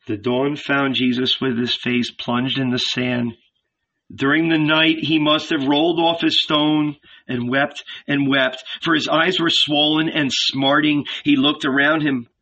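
A male narrator reads a novel aloud slowly and solemnly, with dramatic weight. His voice is bright and clear in tone, but the recording itself sounds muffled and lo-fi. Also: on the high side, little pitch movement. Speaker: audiobook narrator. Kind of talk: scripted narration. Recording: dull lo-fi recording.

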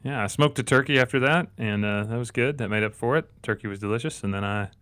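A man's voice: mid-range voice, fast, dry recording. Podcast co-host: middle-aged man, chatty storyteller with dry close sound. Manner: joking, animated storyteller. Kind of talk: casual chat.

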